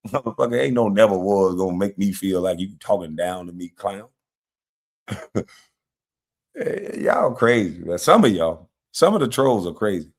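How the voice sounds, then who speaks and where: Man as stream host: brash, swinging pitch, laughs a lot while roasting trolls. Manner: brash trash talk with frequent laughter. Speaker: livestream host. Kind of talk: casual livestream commentary.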